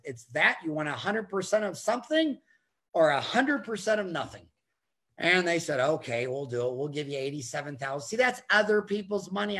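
A middle-aged American dentist giving an animated, emphatic talk, telling stories with sudden swings in loudness. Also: male voice, high-pitched, creaky. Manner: emphatic, storytelling, quick shifts in loudness. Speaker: dentist and podcast host.

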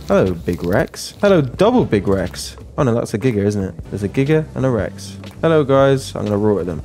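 A man's voice: medium pitch, animated, fairly quick, darkish tone, soft background music. A British man giving casual, chatty commentary over his own gameplay, joking with his viewers. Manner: playful, chatty, jokes to viewers.

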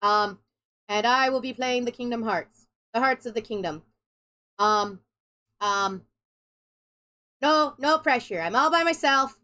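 Goofy high-voiced woman streamer. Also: a little slow, long pauses, sharp tone. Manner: goofy, rambling, swears casually. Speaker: game streamer. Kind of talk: casual live-stream chat.

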